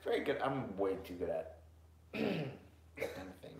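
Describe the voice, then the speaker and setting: A man's voice: lowish voice, wildly swooping pitch, unhurried, gravelly, darkish tone, echoey room, slight background noise. A young man in crude, joking casual banter as podcast co-host, sliding into silly voices. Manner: joking, profane, keeps slipping into voices.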